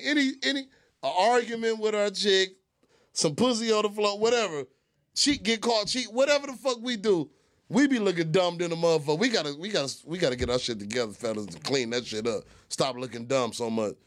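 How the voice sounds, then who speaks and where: A man co-hosting a podcast in casual chat, loud and profane, laughing often. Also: high voice. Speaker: podcast co-host.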